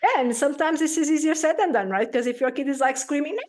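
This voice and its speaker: A woman giving an interview as a parenting coach, explaining calmly and acting out parents' voices in little quotes. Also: high-pitched, fast talker, slight background noise.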